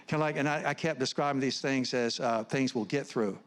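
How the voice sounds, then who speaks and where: A man's voice: medium pitch, fairly quick. A middle-aged man, giving an earnest, conversational sermon full of personal stories, often restarting his words. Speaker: guest speaker, counselor. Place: church stage.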